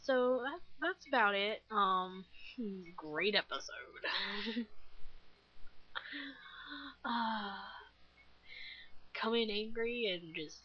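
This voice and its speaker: A woman's voice: mid-range voice, drawn-out words, long pauses, muffled recording, a little hiss or hum. A nineteen-year-old woman chatting casually while playing a game, rambling with many fillers and self-deprecating giggles. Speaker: gaming vlogger. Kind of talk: casual gameplay commentary.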